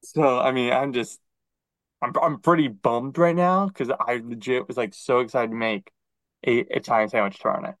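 A man co-hosting a podcast, chatting casually and acting out quoted dialogue in an animated storytelling manner. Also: mid-range voice, moderate pace, no room sound, low-quality recording. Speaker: podcast co-host. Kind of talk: casual chat.

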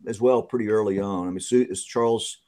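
Lower-voiced man, halting storyteller. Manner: relaxed, many "uh" pauses. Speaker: podcast guest and author. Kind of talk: conversational interview answers.

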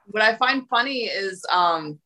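A woman's voice: medium pitch, a little slow, slight background noise, poor audio. A woman chatting casually as a podcast co-host, retelling events with energy. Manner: lively retelling of episode events. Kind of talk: casual chat.

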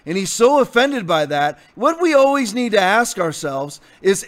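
A man's voice: high voice, a bit bright. A man preaching as a pastor in a blunt, defiant rant, repeating his points for emphasis. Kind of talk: combative sermon rant.

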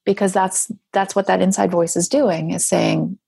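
Husky, gravelly woman guest. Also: fairly low pitch, steady tone, moderate pace, mellow, dry recording, studio quality. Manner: wry, emphatic, teacherly asides. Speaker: podcast guest, grief writer. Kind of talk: casual conversation.

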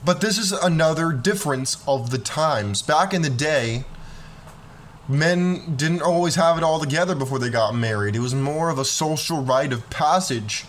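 A man's voice: fairly high pitch, moderate pace, a little hiss or hum. A young man hosting a reaction video, talking in a laid-back, slangy, joking way. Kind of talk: casual commentary.

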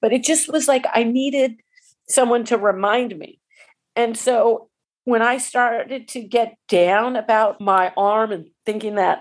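This woman, a pickleball player in her forties, speaks in a slightly high voice. Telling a personal story, she grows emotional, halts, and keeps beginning again.

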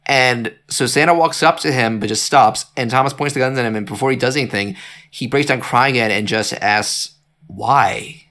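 Animated man retelling a movie plot. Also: mid-range voice, fairly quick. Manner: animated, lots of fillers and restarts, acts out quotes. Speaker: podcast co-host. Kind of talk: casual movie discussion.

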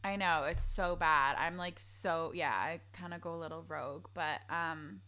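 Bright, bubbly young woman guest. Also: low voice, normal speed. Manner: bubbly, rambling, heavy use of "like". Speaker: podcast guest. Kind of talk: casual chat.

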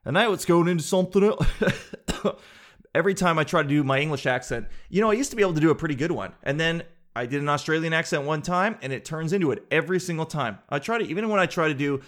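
A man's voice: a little high, expressive, racing, a bit bright. Man rambling through a comic monologue. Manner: rambling, joking, self-mocking. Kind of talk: casual comedic monologue.

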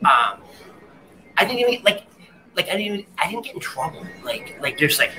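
A man, a waiter, telling a wild story in a casual chat, animated, laughing and restarting as he acts out quotes. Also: sits high, brisk, pauses often, rough recording. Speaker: guest, waiter. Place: bar.

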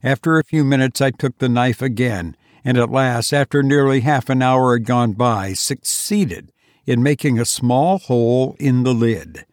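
Measured man narrating an audiobook. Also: mid-range voice, dry recording, studio quality.

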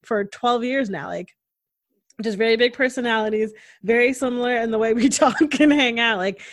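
A woman's voice: a little high, moderate pace. A chatty woman talking with a friend, her sentences strung together with filler words and frequent laughter. Her voice sits close to the mic, dry, with no room echo at all. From Connecticut. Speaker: podcast guest, longtime friend. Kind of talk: casual chat.

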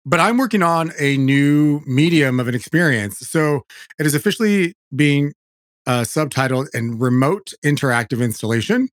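A man hosting a podcast, talking in an animated, chatty way that keeps breaking off and restarting. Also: on the high side, normal speed, no room sound, clean studio sound. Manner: animated, self-interrupting, chatty. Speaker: podcast host. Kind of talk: casual chat.

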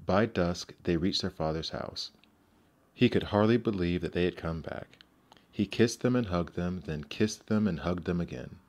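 A man narrating classic fairy tales aloud in a measured, gentle storybook manner. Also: low-pitched.

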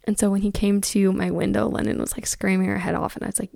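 A woman's voice: mid-range voice, level tone, fast talker, vocal fry, dark tone, no echo, clean studio sound. A young woman and mother telling a story to her viewers in a chatty, rambling way, full of likes and ums. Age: young adult. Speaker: vlogger.

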